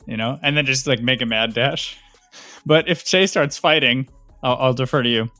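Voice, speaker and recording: A man joking dryly at the game table, medium-pitched voice, plain and steady. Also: moderate pace, faint music behind. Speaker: player.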